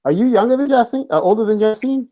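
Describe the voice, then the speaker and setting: Halting man on a dull video call. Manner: hesitant, many fillers, lively pitch. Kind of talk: casual group chat over video call.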